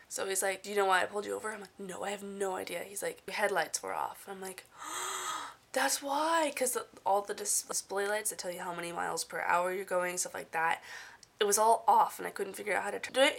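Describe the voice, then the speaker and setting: A young woman chatting casually to the camera from her dorm room, telling a story in a bubbly, animated way. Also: medium pitch, creaky. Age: young adult. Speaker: vlogger.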